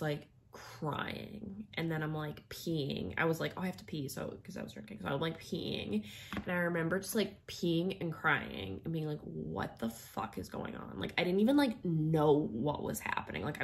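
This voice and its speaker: A young woman tells a personal story, rambling loosely and leaning on filler words at every turn. Her voice sits low and carries a gravelly fry. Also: slight background noise. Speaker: vlogger.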